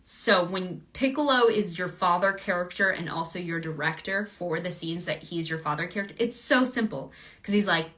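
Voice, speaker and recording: Woman, voice actress, bubbly, chatty, bright tone, casual livestream Q&A. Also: mid-range voice, normal speed. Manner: bubbly, chatty, gushing, laughs often. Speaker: voice actress signing autographs.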